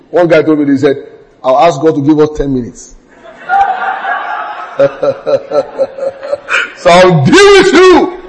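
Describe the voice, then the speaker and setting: A middle-aged man preaches with a fairly high voice. He tells stories with humour, dropping to quiet asides and then rising to loud exclamations. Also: slow pace, pauses often, background noise. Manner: storytelling with humour, lively swings from quiet to loud. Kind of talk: sermon.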